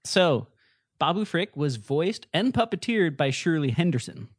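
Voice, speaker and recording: A man co-hosting a podcast in casual chat. He talks with enthusiasm, full of fillers and quick restarts. The sound is close and dry, with no room around it. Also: a little high, very animated, husky, dry recording. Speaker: podcast co-host.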